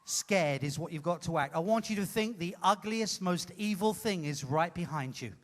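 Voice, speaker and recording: A man hosting a live comedy show, teasing an audience member in a playful, loud way. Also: high voice, lively intonation, normal speed. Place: cruise ship theater stage.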